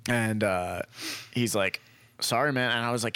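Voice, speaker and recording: A young man rambles his way through a story in easy conversation, swearing freely and playing out each person's lines. His voice sits fairly low. The sound is dry and close, with no room around it. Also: brisk, sharp tone, clear, resonant tone, dry recording. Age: young adult. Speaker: storyteller in casual chat. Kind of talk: casual chat.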